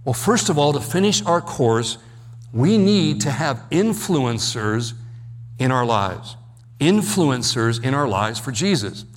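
A man's voice: medium pitch, big pitch swings, takes it slowly, big-room sound. A man preaching an expository sermon as pastor, explaining Bible verses and Greek words step by step.

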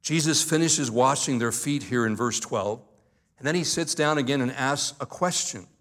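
An earnest pastor preaching at a mid-range pitch, his delivery measured and emphatic. He drags out key words for weight, then eases into light humorous asides before returning to the point. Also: fairly bright tone. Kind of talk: sermon.

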